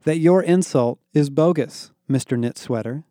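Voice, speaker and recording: A man playing a deadpan punk teenager. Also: no echo, studio quality, close to an everyday voice. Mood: deadpan scolding. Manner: low, slow, solemn and deadpan. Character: deadpan punk teenage boy, aloof and preachy. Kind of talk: audio fiction reading.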